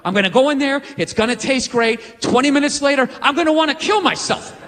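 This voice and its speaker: A man's voice: very high voice, lively intonation, a little fast, fairly bright tone. A man in his forties doing a profane, exasperated stand-up rant on a comedy stage with a handheld mic. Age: 40s. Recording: live hall reverb, faint noise.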